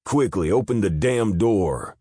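A man voicing a hardened male convict who snaps and shouts short orders. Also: a bass voice, lively intonation, unhurried, husky, no room sound, clean studio sound, heavily acted. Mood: urgent. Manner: curt, snapping, shouting orders. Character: hard, grim male convict fighting his way out.

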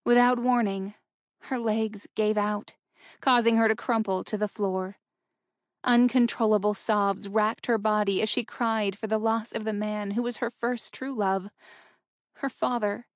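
A woman reads a novel aloud in steady, measured narration. Her pitch sits in the middle, and the recording is close and dry. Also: no room sound. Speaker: audiobook narrator. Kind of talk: scripted audiobook narration.

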